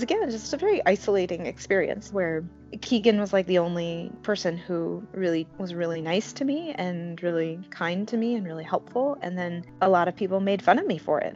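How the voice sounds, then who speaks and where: A woman's voice: lowish voice, creaky. A woman from North America candidly telling a personal story in a casual way, full of filler words and the odd swear. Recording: muffled audio with soft guitar music.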